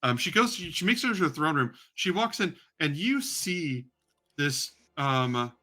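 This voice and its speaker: A man's voice: on the high side, very animated, measured pace, bright, forceful tone. A man narrating as game master of a tabletop role-playing game, in a loose, chatty way full of fillers.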